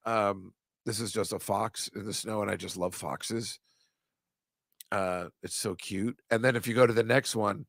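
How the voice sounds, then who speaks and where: A man's voice: fairly low pitch, a bit bright, no echo, studio quality. A man hosting a casual comedy chat, rambling and sarcastic, often incredulous.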